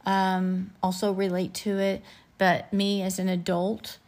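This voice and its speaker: A woman's voice: mid-range voice, completely flat delivery, measured pace, darkish tone. A woman in her fifties, a podcast co-host and teacher, chatting casually and thoughtfully with frequent fillers. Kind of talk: casual chat.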